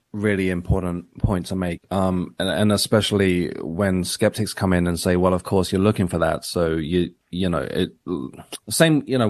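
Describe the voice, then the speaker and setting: A man, an author guest on a radio show, talking in a rambling, reflective way with many restarts. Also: sits low. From England. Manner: rambling, self-correcting, reflective. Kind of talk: radio interview.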